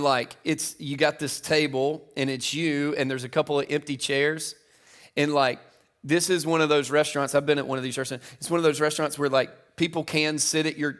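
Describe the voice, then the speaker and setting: A middle-aged man preaching a sermon in a church, chatty and casual, building to loud, emphatic peaks. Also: on the high side. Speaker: pastor. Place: church auditorium.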